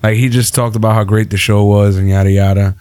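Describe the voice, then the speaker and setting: A man co-hosting a casual wrestling podcast, loose and profane, quick to laugh and joke. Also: fairly low pitch, flat delivery, a little mellow, clear, resonant tone, dry recording, studio quality. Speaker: podcast co-host.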